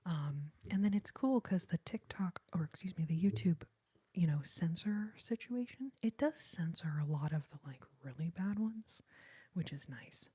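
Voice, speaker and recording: A woman chats with her live audience in a soft ASMR whisper. Her voice is breathy and mellow and sits a little low. She talks slowly and easily. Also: animated. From Texas. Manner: soft, chatty, unhurried whispering. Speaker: ASMR host.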